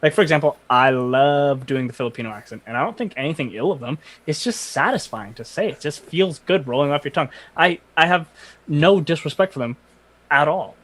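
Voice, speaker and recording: A man's voice: on the high side, lively intonation, fairly quick, fairly bright tone. A man hosting a casual podcast, confident and opinionated, teasing his co-hosts. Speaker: podcast host.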